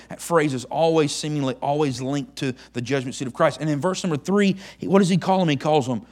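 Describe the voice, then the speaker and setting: A man preaching a sermon in a folksy, emphatic way, swinging from loud to hushed. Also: on the high side, a little fast, few pauses.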